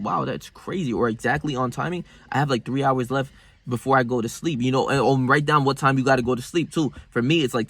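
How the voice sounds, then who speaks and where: A young man, talking casually and rambling about his daily routine, swearing freely, with sudden bursts of loud excitement. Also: medium pitch, dry recording. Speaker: self-improvement vlogger. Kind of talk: casual motivational monologue.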